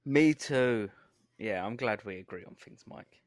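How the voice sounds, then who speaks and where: A man's voice: on the low side, expressive, a little slow, no room sound. Swearing man, dry close mic. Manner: laughs often, swears casually. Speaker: podcast co-host. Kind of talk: casual chat.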